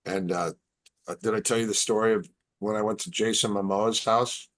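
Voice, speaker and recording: A man with a low voice tells a story, animated and halting. He starts phrases over and repeats words, and he sounds like a podcast guest chatting casually. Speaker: martial arts instructor, podcast guest.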